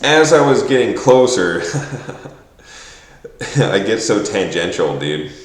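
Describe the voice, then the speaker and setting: A man's voice: on the low side, big pitch swings, slow pace. A man rambling through a profane, exasperated rant to camera, often mimicking other people's voices. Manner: quotes others in mocking voices. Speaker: vlogger. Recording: echoey room.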